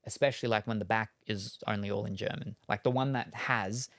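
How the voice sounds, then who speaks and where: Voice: mid-range voice, fairly even intonation, fairly quick, a bit bright, dry recording, studio quality. A game streamer with an Australian accent, chatting casually and rambling, full of ums while answering chat. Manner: rambling and hesitant, many ums.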